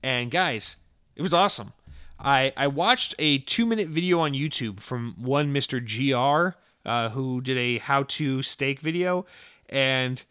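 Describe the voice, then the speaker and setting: A young man hosting a casual gaming podcast, chatting in a rambling, excitable way with lots of swearing and restarts. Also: mid-range voice, a little slow, smooth, no echo, clean studio sound. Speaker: podcast host. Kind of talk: casual solo podcast chat.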